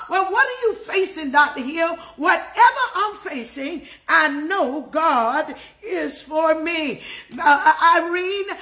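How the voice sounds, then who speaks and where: A woman's voice: very high-pitched, pushed and bright. A woman preaching a fervent devotional sermon, drawing out key words and speaking to listeners by name, her voice catching with emotion at times.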